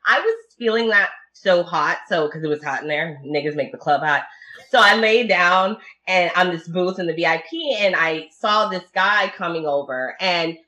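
A woman whose first language is Italian, a podcast guest telling stories in casual chat, animated and often laughing. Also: lowish voice, moderate pace, highs cut off.

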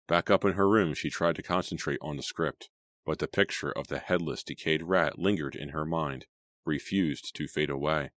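A man reading a horror audiobook in a steady, suspenseful narration. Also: extremely low pitch, normal speed, dry recording, studio quality.

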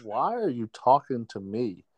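A man's voice: medium pitch, big pitch swings, measured pace, crowd noise, low-quality recording. A man co-hosting a podcast over the phone, rambling hesitantly with many fillers. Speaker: podcast co-host calling in. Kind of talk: casual chat.

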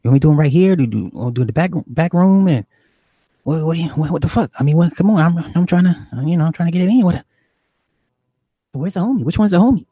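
Guy doing a loud frantic woman, way higher than his own voice, husky and cussing fast. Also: expressive, no echo, studio quality, heavily acted. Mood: outraged. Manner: loud, profane, rapid-fire and indignant. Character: brash frantic woman in a drug house.

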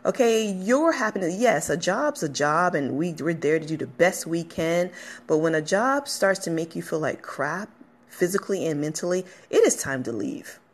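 This woman's voice is fairly low, with lively intonation and a moderate pace. She's hosting her own podcast from her workplace, a dog barking nearby, talking casually and emotionally to encourage listeners while rambling a bit.

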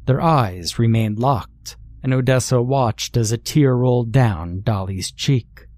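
A man narrating a horror story in a slow, measured, dramatic storytelling style. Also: medium pitch, a little mellow, no echo, clean studio sound.

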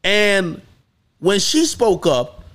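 Male podcast host, higher-pitched, very expressive delivery, casual and profane. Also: drawn-out words. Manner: animated storytelling, swearing, rising to high excited peaks.

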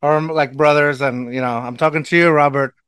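Excitable rambling podcast host with Mexican accent. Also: male voice, on the high side, a little fast, clear, resonant tone, no echo, studio quality. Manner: excitable and rambling, laughs often, restarts sentences. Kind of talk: casual podcast chat.

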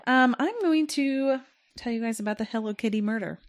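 A woman's voice: on the high side, fairly quick, no echo, studio quality. A woman co-hosting a true crime podcast, telling a story in a chatty, hesitant way with many fillers. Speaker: podcast co-host. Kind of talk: casual true crime chat.

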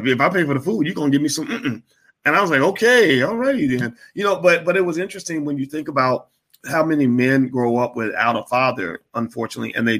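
Male host, bright timbre, chatty anecdotal monologue with animated voices and filler words. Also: mid-range voice. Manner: storytelling with animated put-on voices and frequent fillers. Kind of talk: casual late-night monologue.

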